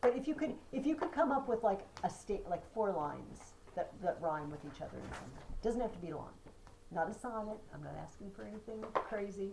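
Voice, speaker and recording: A woman's voice: medium pitch, lively intonation, a little fast, gravelly, mellow, slight background noise, rough recording. A woman teacher giving a chatty classroom lesson, chanting poetry rhythms aloud. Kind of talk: classroom lecture.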